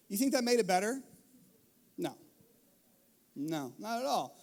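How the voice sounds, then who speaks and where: Man preaching, high voice, animated storyteller, middle-aged pastor. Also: a little slow, creaky, long pauses. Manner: animated storytelling, acts out his kids and himself. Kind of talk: sermon. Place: church stage.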